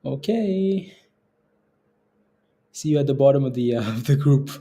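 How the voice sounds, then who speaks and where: An animated, dark-toned male voice in the mid range, speaking a little slowly. The stock trading livestream host comments on the market in relaxed chat with viewers, chuckling often.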